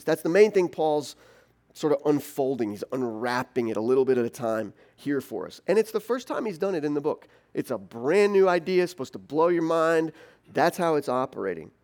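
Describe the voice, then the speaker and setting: A pastor preaching a sermon in an animated, conversational way, acting out the questions a listener might ask. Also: male voice, mid-range voice. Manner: animated, teasing and conversational, voices imagined objections.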